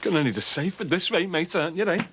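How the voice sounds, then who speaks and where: An actor playing a jokey, smooth-talking local man in a soap opera. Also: a little high, animated, fast talker, a bit bright, slight background noise. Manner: jokey, breezy, cheeky.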